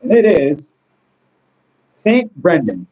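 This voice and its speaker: A man's voice: fairly high pitch, huge pitch swings, slow pace, mellow, husky, highs cut off. A man casually reading out trivia questions and answers, rambling with chatty, self-deprecating asides. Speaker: trivia host. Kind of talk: casual chat.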